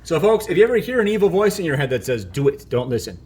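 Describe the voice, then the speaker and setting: A man's voice: sits high, sing-song, rapid-fire, a little mellow, slightly rough. A man in his thirties hosting a playful family video at home, jokey and mock-pompous as he introduces toys. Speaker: host.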